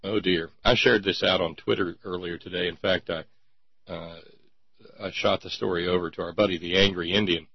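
Wry, husky-voiced male talk host. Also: deep voice, fairly even intonation, normal speed, dry recording. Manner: wry, digressive, sarcastic. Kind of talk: casual radio-style commentary. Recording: dull lo-fi recording.

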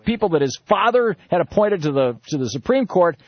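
Man doing a mocking invader, sing-song, husky, dull radio sound. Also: high voice, sing-song, fairly quick, no echo, voice pushed up, full character voice. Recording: dull, slightly lo-fi radio broadcast.

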